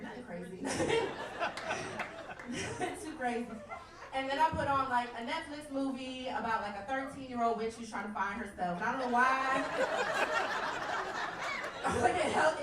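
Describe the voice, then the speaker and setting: A young woman with a voice on the high side delivers a crude, brash stand-up comedy set in a club, frequently laughing through her own lines. It's captured from a distance in an echoey room, with background noise, the crowd and audience laughter.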